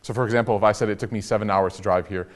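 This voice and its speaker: A man's voice: fairly low pitch, steady tone, racing. A young man giving a casual, joking sermon as an Islamic lecturer, telling stories and acting out the quotes. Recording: long hall reverb.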